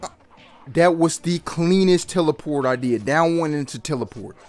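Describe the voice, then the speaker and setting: A man giving excited, trash-talking commentary while playing a fighting game, yelping and laughing often. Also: fairly high pitch, moderate pace. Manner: animated, yelps and laughs, trash-talks the opponent. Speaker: gaming channel host.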